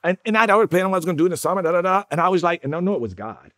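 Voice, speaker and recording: Fast-talking animated storyteller man. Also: dry recording, studio quality. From North Carolina, USA. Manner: acts out quotes with big jumps in pitch and volume. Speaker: actor, interview guest. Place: studio.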